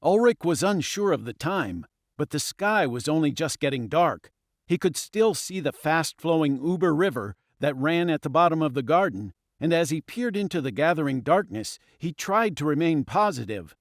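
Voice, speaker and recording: A man reading a children's storybook aloud with lively, expressive swings in pitch. His voice sits a little high and is recorded close and dry in a studio. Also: normal speed, dry recording. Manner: expressive, dramatic. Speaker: audiobook narrator. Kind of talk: scripted storybook narration.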